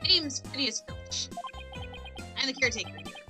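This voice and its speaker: A woman's voice: high-pitched, sing-song, normal speed, pitched above the performer's own voice. Woman doing a sly drawling country caretaker. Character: sly bumbling rustic male caretaker thief. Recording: game music playing underneath.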